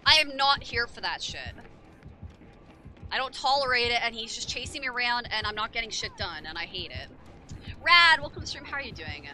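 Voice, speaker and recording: Woman game streamer, lively pitch, cussy and irritable, chatty commentary over loud game music. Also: fast talker. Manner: irritable, swears a lot, talks to herself and to chat. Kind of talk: casual live-stream commentary.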